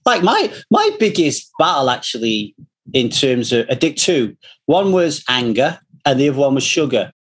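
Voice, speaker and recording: A man, a recovery coach, talking casually in a rambling way, swearing freely and telling animated stories. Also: medium pitch, moderate pace, breathy edge. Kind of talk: casual conversation.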